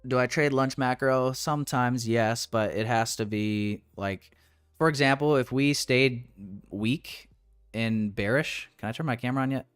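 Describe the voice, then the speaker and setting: A man's voice: medium pitch, unhurried, clean tone. A young man talking casually through a live trading stream, rambling with restarts and sounding frustrated. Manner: frustrated, rambling, restarts, calls viewers boys. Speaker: day trader streaming live.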